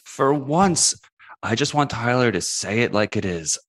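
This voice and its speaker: A man's voice: lowish voice, lively intonation, a little fast, fairly bright tone. Grumpy blunt guy doing improv on a comedy podcast.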